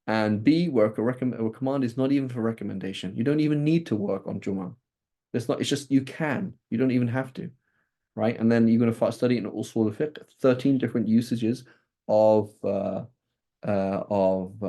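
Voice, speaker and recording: Brief: male teacher, mellow tone, animated classroom lecture, checks in with "right?". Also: mid-range voice. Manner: animated, frequent "right?" checks, restarts and asides. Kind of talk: classroom lecture on Islamic texts.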